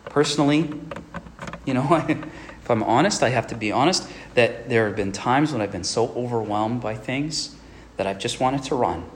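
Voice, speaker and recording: A male pastor giving an earnest sermon who often checks in with a quick "right?". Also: mid-range voice, slight background noise.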